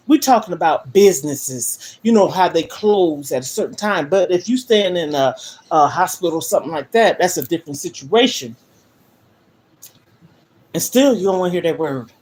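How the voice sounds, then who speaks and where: An older woman hosting a livestream from her living room, talking to viewers in an earnest, emphatic way. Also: medium pitch. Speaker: livestream host. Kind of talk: emotional livestream monologue. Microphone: phone livestream.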